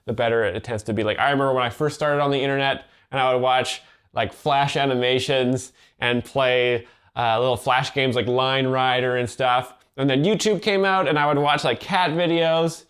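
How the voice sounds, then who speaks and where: A young man, a comedian, explaining stand-up jokes in a deadpan, mock-earnest, sarcastic manner. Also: mid-range voice, normal speed, clear, resonant tone. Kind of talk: deadpan ironic commentary.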